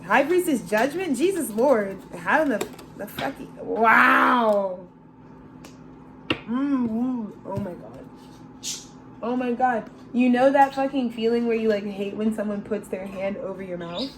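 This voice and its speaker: Woman doing a chill tarot reading, kinda high voice, says bro a lot, laughs, swears. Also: animated, a little slow, noisy background. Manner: slangy and loose, calls listeners bro, swears, laughs often. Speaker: tarot reader. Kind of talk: casual channeled tarot reading.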